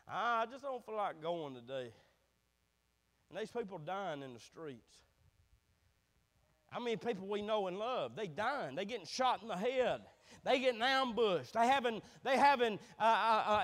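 A man preaching a fervent sermon as pastor, dropping to hushed, low passages and rising to shouts. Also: in a large hall.

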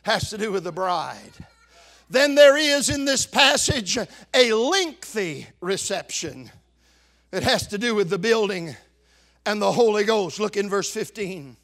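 A man preaching a sermon as pastor, telling stories and building to fervent, shouted preaching. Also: high-pitched, animated, measured pace.

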